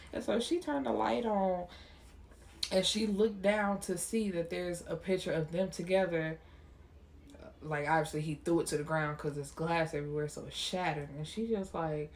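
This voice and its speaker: A woman's voice: fairly low pitch, slight background noise. A young woman casually recapping and reviewing a TV episode in a slangy, chatty way, acting out the characters' lines as she goes.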